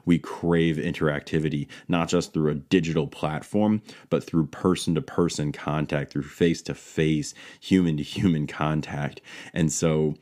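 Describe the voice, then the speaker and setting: A man's voice: extremely low pitch, steady tone, moderate pace, darkish tone. A man hosting a solo educational podcast, explaining in an earnest way and correcting himself as he goes. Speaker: podcast host.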